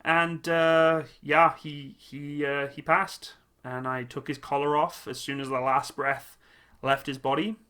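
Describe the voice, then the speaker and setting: A man hosting his own channel, speaking in a halting, emotional way with many pauses and restarts as he gives a personal tribute. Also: a little high, level tone, sharp tone, clear, resonant tone. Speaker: channel host.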